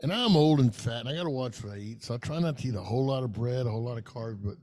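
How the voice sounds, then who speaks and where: A man's voice: mid-range voice, racing, a little mellow. A middle-aged man, telling a long, profane, rambling story in casual podcast chat. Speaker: podcast co-host.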